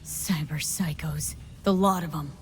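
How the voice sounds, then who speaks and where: An actress playing a tough, wry mercenary who talks in a blunt, clipped, sardonic way, in game dialogue. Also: female voice, sits low, steady tone, measured pace. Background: music.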